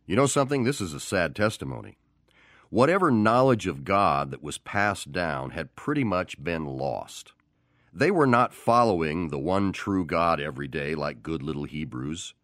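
A man's voice: sits low, sing-song, normal speed, a bit bright, no room sound, studio quality. A man preaching a sermon, who tells the story with animation and acts out the voices of the people in it.

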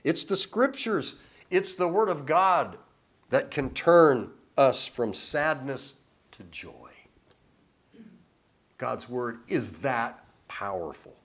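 A man giving informal Bible teaching, reading scripture slowly with emphasis, then chatting and chuckling between verses. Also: mid-range voice, animated, a bit bright.

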